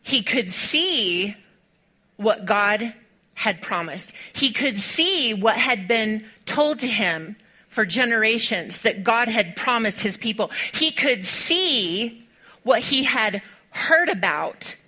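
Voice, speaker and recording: A woman preaching a sermon in a bright, ringing voice that sits a little high. She tells stories with animated rhetorical questions and turns to speak straight to her congregation. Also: slow pace. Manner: addresses the congregation directly.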